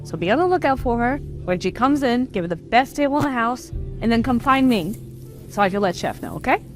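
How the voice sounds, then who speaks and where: A woman's voice: fairly high pitch, lively intonation, fairly quick, faint music behind, lightly acted. A woman playing a firm restaurant manager who gives orders and scolds staff. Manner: bossy, indignant.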